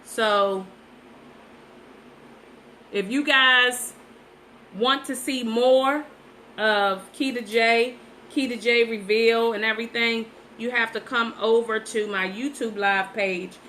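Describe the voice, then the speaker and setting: Slow-talking, bright-voiced woman livestreaming. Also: a little high, fairly even intonation, slight background noise, rough recording. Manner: chatty, repeats herself, talks straight to viewers. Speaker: livestream host painting sunflowers. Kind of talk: casual live-stream chat while painting. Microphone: phone.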